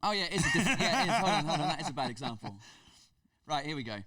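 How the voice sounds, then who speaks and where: A man with an English accent, a comedian guest telling stories in a casual podcast chat, animated and full of restarts. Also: on the high side, very fast, dry recording, distant mic. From England. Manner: animated storytelling with many restarts.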